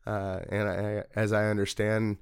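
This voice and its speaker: Low-voiced man telling a story. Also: unhurried, clear, resonant tone, no room sound, clean studio sound. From Missouri, United States. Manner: rambling, relaxed, frequent fillers. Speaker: political party committeeman, guest. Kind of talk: casual interview storytelling.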